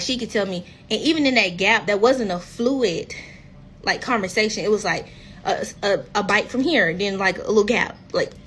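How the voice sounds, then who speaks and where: A woman's voice: medium pitch, a bit bright, slight background noise. A woman, a reality TV cast member chatting candidly and bluntly on a phone livestream, swearing freely. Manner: candid, blunt, profane storytelling. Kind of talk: casual livestream chat.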